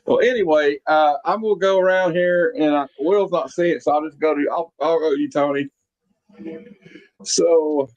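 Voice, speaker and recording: A man's voice: fairly high pitch, darkish tone, no room sound, lo-fi sound. A man hosting a casual movie-review podcast, talking in a loose, rambling way with many fillers. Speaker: podcast host.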